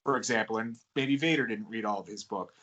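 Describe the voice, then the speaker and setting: A man from the United States, a guest author answering interview questions in a relaxed, rambling way with many fillers. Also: fairly low pitch, brisk, muffled recording. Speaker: guest author and wrestling ghostwriter. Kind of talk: casual podcast interview answers.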